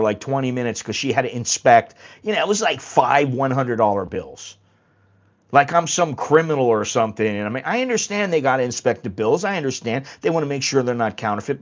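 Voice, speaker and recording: A man of middle pitch chats loosely on a livestream, drifting from point to point and cursing without a second thought. The audio is a little dull and lo-fi, like stream sound. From United States. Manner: rambling, blunt storytelling with casual swearing. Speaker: livestream host. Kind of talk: casual livestream chat.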